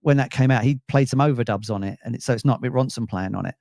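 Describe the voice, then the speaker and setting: A man's voice: mid-range voice, fast talker, gravelly, a little mellow, dry recording, clean studio sound. A man co-hosting a casual music chat show, rambling and chatty, with lots of fillers and restarts. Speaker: co-host.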